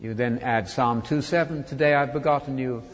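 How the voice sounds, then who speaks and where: A man teaching a Bible study sermon, emphatic, with rhetorical questions and wide swings from loud to soft. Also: medium pitch, normal speed. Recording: long hall reverb.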